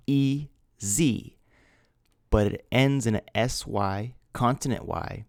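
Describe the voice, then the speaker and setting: A gravelly, low-voiced man teaching a grammar lesson at a slow, deliberate pace. He spells words out letter by letter and explains each rule patiently. The sound is dry and close. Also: a little mellow, dry recording. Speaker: English teacher.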